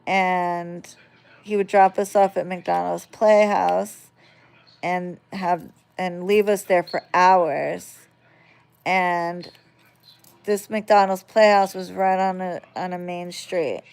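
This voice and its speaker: A woman casually telling a story on a phone vlog, swearing freely and getting animated as she retells it. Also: fairly low pitch, takes it slowly, vocal fry, clean tone. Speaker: vlogger.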